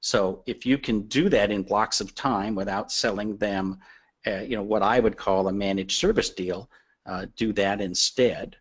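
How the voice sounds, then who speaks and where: A man's voice: lowish voice, unhurried, slightly rough. A man appearing as a guest expert on a webinar, explaining business advice in a conversational, persuasive way with anecdotes.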